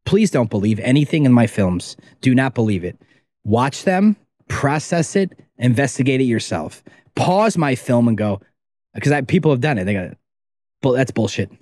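A man's voice: mid-range voice, sing-song, moderate pace, a little mellow, dry recording. Filmmaker guy on a podcast, rambly and emphatic, cusses a lot, dead dry sound. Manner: emphatic, rambling, swears freely. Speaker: documentary filmmaker guest. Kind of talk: casual podcast interview.

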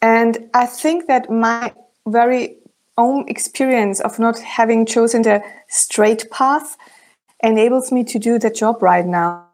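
A woman with a German accent, a native German speaker, talking as a therapist guest in a measured, thoughtful way. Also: fairly high pitch, a little mellow. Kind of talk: interview conversation.

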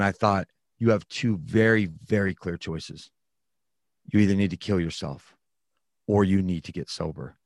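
Low-voiced man telling a frank story. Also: no room sound, clean studio sound. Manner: frank and reflective, with frequent restarts. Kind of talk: candid storytelling in a conversation.

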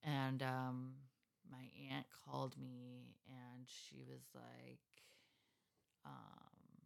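A woman's voice: very deep voice, extremely slow, creaky, smooth. A woman in her thirties, co-host of a podcast, telling a personal story in frank, casually profane conversation. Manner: frank and profane, drifts from joking to subdued.

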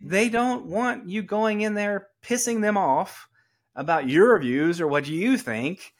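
A middle-aged man from Atlanta with a Southern accent, speaking as a guest on a podcast. His voice sits a bit higher than most men's. He tells stories in a lively way and acts out the people he quotes. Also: slow pace. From Atlanta, Georgia, US. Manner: animated storyteller who acts out quoted people. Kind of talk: conversational storytelling.

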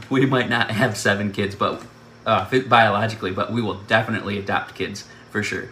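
A man telling an animated personal story and laughing often as he goes. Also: on the low side, normal speed. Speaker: speaker sharing a personal testimony. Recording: echoey room with faint background noise.

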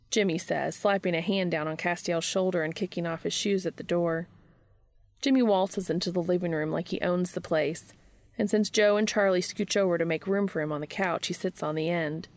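A woman reads a story aloud in a steady, even way. Her voice sits low with plenty of gravel. The sound is dry and close, with no room echo. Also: moderate pace. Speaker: podcast host reading fan fiction aloud.

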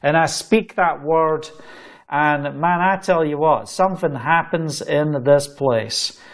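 Scottish man, preacher, testimony storytelling, slightly higher voice, animated, chuckles often. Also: slow. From Scotland. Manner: animated, laughs between phrases, fillers. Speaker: travelling preacher.

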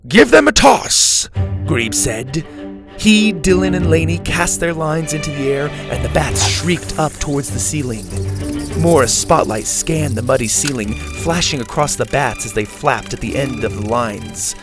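A man narrating a children's adventure story in an expressive read-aloud manner. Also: a little high, moderate pace, over music.

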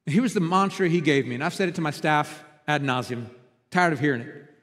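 Preaching a sermon to his congregation, a high-voiced male pastor shares a personal story in an animated, brisk delivery, alternating loud, urgent passages with quiet, hushed ones. A long reverb from the big church hall follows his voice, and faint music plays behind him.

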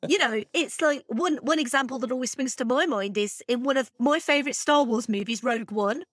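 A woman's voice: high voice, fairly quick, no room sound, clean studio sound. A woman co-hosting a podcast, chatting casually and thinking aloud with plenty of fillers. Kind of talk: casual chat.

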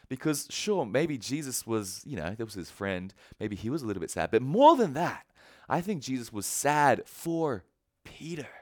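A man preaching a sermon in a casual, animated storytelling manner. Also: medium pitch. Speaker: pastor.

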